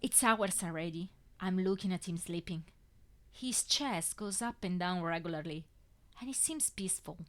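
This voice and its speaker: A woman reading a fanfiction story aloud in the first person, with a measured, emotional delivery. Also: fairly low pitch, animated, a bit bright. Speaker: fanfiction reader.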